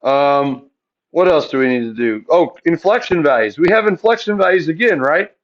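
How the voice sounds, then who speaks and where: A man's voice: on the high side, expressive, moderate pace, muffled recording. A male math teacher lecturing a classroom, asking the students questions and answering them himself.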